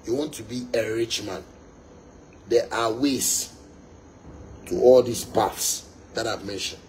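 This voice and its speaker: A man's voice: lowish voice, takes it slowly, a little mellow, slight background noise, poor audio. Fiery Ghanaian man ranting to fans. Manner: fiery, repetitive, emphatic, slipping into pidgin. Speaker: musician. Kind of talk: impassioned monologue to fans.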